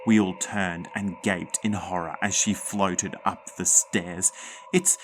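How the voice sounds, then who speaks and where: A man's voice: low-pitched, steady tone, takes it slowly, background noise. A man narrating a spooky children's story with dramatic suspense.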